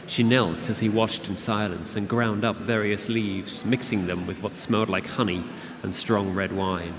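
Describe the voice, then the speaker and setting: A man with a fairly low voice reads a fantasy novel aloud in a steady, measured way. A long hall echo carries his voice, and a listening audience is clearly present in the room. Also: a crowd in the background. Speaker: author reading his book. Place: convention event room.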